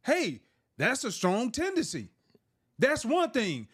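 High-voiced man pressing his argument. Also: huge pitch swings, slow pace, fairly bright tone, husky. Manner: challenging, lays out hypotheticals, presses with questions. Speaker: podcast co-host. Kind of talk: heated sports debate.

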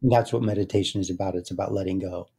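A man speaking as an interview guest in a slow, meditative way, often trailing into soft, quiet chanting. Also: low-pitched, fairly even intonation, husky. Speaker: guest, speaker and success coach. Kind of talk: casual interview talk.

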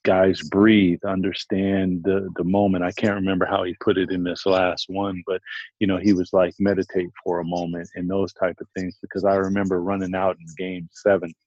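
A former pro basketball player telling stories in a casual talk, halting and restarting often. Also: male voice, deep voice, little pitch movement, darkish tone, dry recording, lo-fi sound. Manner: halting, with many restarts and repeated words. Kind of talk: casual conversation, storytelling.

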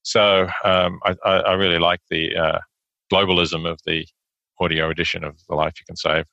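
Deep, flat-voiced Australian man. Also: creaky, dry recording, muffled recording. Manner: measured, hesitant with many fillers. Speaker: guest philosopher. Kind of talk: interview answers.

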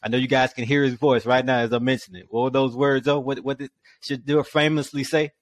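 A man hosting a casual sports podcast, lively and fond of rhetorical questions. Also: medium pitch, quick pace, dry recording. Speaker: host.

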